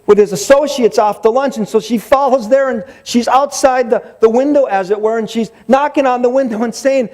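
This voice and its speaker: A male pastor delivering a sermon with a fairly high, lively voice. He tells the story with emphatic repetition, often restarting his words as he drives his point home. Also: moderate pace. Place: church sanctuary.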